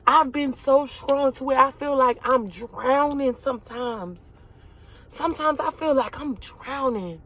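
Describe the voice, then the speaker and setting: A young woman in her late twenties speaks straight to her listeners in a heartfelt motivational monologue. Her voice sits a little high, and she is earnest and preachy, circling back over the same phrases for emphasis. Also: unhurried, fairly bright tone. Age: late 20s.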